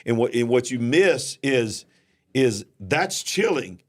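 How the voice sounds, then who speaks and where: A man's voice: medium pitch, big pitch swings, slow. A man with a Southern US accent co-hosting a live-stream show, talking in a folksy, emphatic way and repeating himself for stress.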